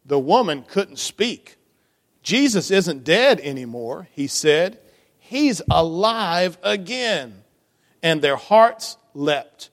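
A man reads a storybook to children at a slow, deliberate pace, his voice sitting a little high for a man. He is animated and keeps turning to ask the kids questions. A long reverb from the church sanctuary trails after each phrase. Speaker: children's message leader.

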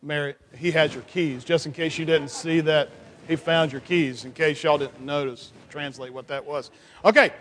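A man with a high, light voice runs a lively children's church time in a reverberant hall. He is playful and animated, teasing the kids with questions and cheering on his young helper. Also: moderate pace, a little hiss or hum. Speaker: children's pastor.

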